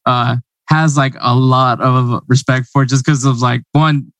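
A man from the United States hosting a casual interview, talking quickly, laughing often and repeating words as he goes. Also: medium pitch, fairly even intonation, a bit bright, no room sound. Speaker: host.

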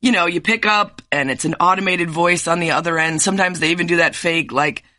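A woman hosting a podcast, chatting with a guest and then delivering an animated, sarcastic rant. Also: lowish voice, quick pace, no echo, clean studio sound. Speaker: podcast host. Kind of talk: casual interview, then a scripted rant.

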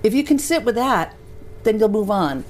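Older American woman, interview guest, warm storyteller who slips into quoted voices, light background hiss. Conversational, lively. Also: mid-range voice, normal speed. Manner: animated, anecdotal, acts out quoted voices. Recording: faint background noise.

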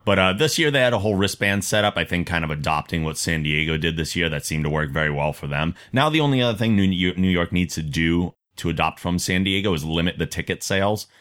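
Man, podcast host, very low pitch, laid-back casual chat. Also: animated, fast, few pauses, a bit bright. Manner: laid-back, recapping events.

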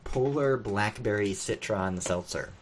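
Deep voiced new guy, dry jokey podcast co-host, bit of hiss. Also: unhurried. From New England. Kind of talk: casual podcast chat.

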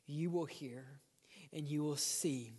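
High-voiced preaching pastor in a reverberant church. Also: male voice, takes it slowly, breathy edge. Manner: swings between loud preaching and hushed near-whispers. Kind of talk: sermon. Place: church sanctuary.

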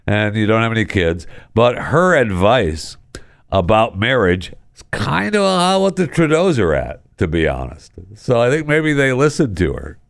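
A man's voice: lowish voice, big pitch swings, measured pace, gravelly, dry recording, clean studio sound. A man hosting a talk show, ranting sarcastically about the news, often tripping over his words and restarting. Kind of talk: casual talk-show commentary.

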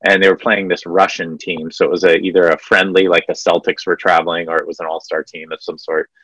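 A man co-hosting a casual sports podcast, retelling anecdotes in an animated storytelling way. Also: low voice, fast, no room sound, poor audio. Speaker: podcast co-host.

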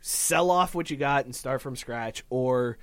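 A man's voice: medium pitch, measured pace, dry recording. A man co-hosting a sports podcast, talking in an earnest, opinionated way in casual chat. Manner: earnest, opinionated fan talk. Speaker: podcast co-host.

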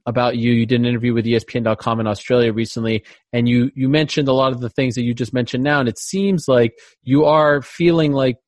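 A man's voice: medium pitch, no echo. Probing male interviewer, dry sound. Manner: earnest, probing, self-correcting. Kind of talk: interview questions.

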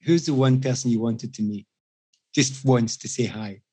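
A Scottish man in casual chat, telling animated, self-mocking anecdotes to the room. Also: mid-range voice, normal speed, slightly rough. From Scotland.

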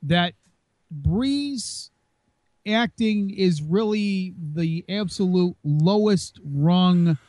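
A man's voice: high-pitched, expressive, very slow, darkish tone, no room sound. A man co-hosting a casual wrestling podcast, rambling and teasing with many restarts. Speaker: podcast co-host.

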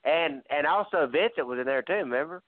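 A man's voice: a little high, expressive, a little fast, no echo. A man bantering playfully and laughing often with friends. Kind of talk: casual banter. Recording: tinny dry phone line.

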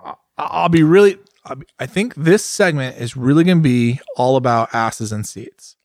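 Guy co-hosting a podcast, chatty and animated, acts out what riders think, dry close sound. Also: medium pitch, no echo. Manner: animated, acts out riders' thoughts in quick bursts. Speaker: podcast co-host. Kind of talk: casual motorcycle chat.

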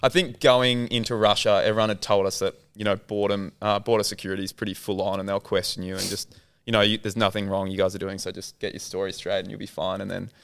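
A man telling a story in relaxed chat, exclaiming in slang. His voice sits a little low and sounds smooth and resonant. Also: quick pace. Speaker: documentary filmmaker guest. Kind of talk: casual storytelling.

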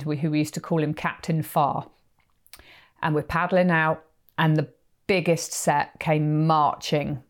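A woman co-hosting a casual chat, telling a surf story and acting out the voices of the people in it. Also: low-pitched. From England. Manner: animated, acts out quoted lines. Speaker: podcast co-host.

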